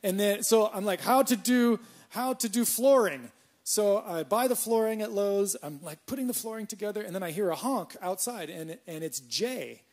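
High-voiced male pastor, animated. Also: moderate pace, few pauses. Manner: animated storytelling, acts out his own panic in a high voice. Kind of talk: sermon with personal stories. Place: church.

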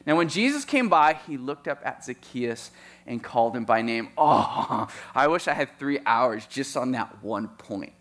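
Animated man preaching a sermon. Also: medium pitch. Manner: animated, playful asides, quick swings in loudness. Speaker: pastor.

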